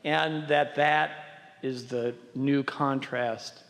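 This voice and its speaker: A man from the audience, up on stage at a workshop, speaking haltingly and searching for his words. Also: medium pitch, fairly even intonation, a bit bright. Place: large hall at a live workshop. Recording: echoey hall with long reverb.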